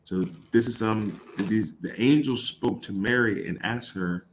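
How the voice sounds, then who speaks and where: A man's voice: lowish voice, unhurried, slight background noise. A man reading a Bible passage aloud and riffing on it in casual, irreverent talk, swearing and laughing. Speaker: host.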